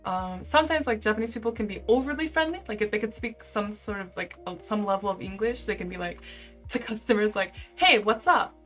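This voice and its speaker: A young woman in her twenties, a live-streamer, chatting casually and reading out viewer comments in an animated way. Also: medium pitch, quick pace, soft background music. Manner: chatty and animated, heavy use of "like".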